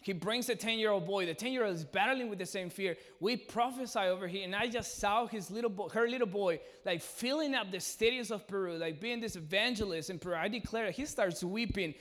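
A man leading a mission team, telling an animated testimony full of quoted dialogue. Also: sits high, brisk, hardly any pauses, long reverb tail. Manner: excited, retells with quoted dialogue.

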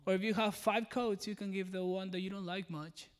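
A man with a high voice preaches to a congregation in a church service. He is lively and keeps joking, turning straight to the people in front of him. He sounds like a pastor in his thirties. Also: brisk, hardly any pauses, clear, resonant tone. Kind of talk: sermon.

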